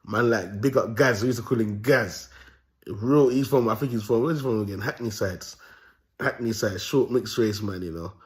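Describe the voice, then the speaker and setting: Fairly low in pitch and moderately paced, a young man with a London accent hosts his own video. He rants in a comic commentary style, swears without restraint, and laughs at what he says.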